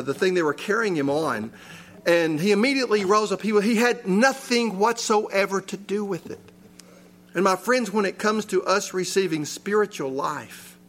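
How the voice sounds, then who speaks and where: A man's voice: high-pitched, fairly bright tone, slight background noise. A man preaching a sermon in a church, reading scripture and asking his listeners rhetorical questions with rising emphasis. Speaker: pastor.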